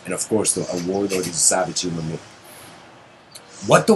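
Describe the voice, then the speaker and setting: A man's voice: low-pitched, sing-song, fairly quick, long pauses, a bit bright, a little hiss or hum, low-quality recording. A man giving a casual storytelling lecture, rambling with fillers and asides.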